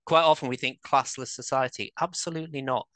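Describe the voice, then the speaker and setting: A man's voice: mid-range voice, steady tone, fairly quick, pushed and bright, no echo. A man in his fifties from England with a southern English accent, an articulate, emphatic podcast guest who likes rhetorical questions. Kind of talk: conversational interview.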